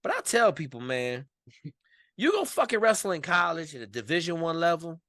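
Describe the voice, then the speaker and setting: A man from Washington state, a podcast guest telling a story in casual, animated, profane speech. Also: a little high, moderate pace, no echo, clean studio sound.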